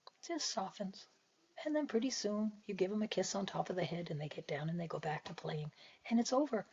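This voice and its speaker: A woman speaking as a spiritual teacher in an earnest, heartfelt talk, soft and gentle, often dropping to a hushed whisper. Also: fairly low pitch, animated, fast talker, creaky, breathy edge. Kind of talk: reflective spiritual talk to camera. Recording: dull lo-fi recording.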